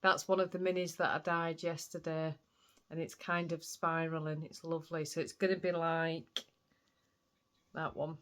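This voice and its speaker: A woman's voice: low voice, level tone, moderate pace, a bit bright. A woman with a Yorkshire accent, chatting casually to camera in a home vlog and laughing often. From England. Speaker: vlogger. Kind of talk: casual chat.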